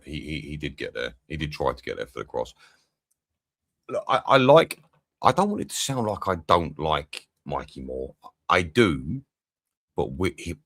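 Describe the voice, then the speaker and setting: A man's voice: deep voice, dry recording, studio quality. A man streaming a football watch-along, swearing, venting and chatting with his viewers. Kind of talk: live match commentary and chat.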